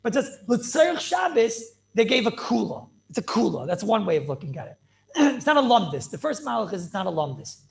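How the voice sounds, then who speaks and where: Excited rabbi teaching over a call. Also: male voice, high-pitched, gravelly. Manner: rapid, excited, repeats words and asks rhetorical questions. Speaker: rabbi teaching a Talmud class. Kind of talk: animated yeshiva-style lecture. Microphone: video call.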